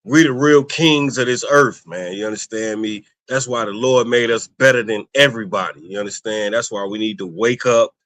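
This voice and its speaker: A man's voice: fairly low pitch, normal speed, few pauses, a bit bright, no echo. A man co-hosting a casual religious discussion, rambling and often checking in with his listener. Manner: rambling, keeps asking "you understand me". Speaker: co-host.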